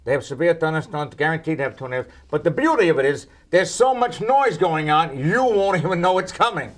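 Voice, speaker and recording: Brief: older male weather expert, slightly high voice, cracks jokes mid-answer, loose and rambling. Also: lively intonation, brisk, fairly bright tone. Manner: wisecracking, rambling with puns. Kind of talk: joking weather Q&A.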